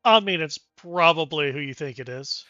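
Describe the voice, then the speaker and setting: A game master narrating a tabletop game in a relaxed, playful way. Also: mid-range voice, moderate pace, highs cut off.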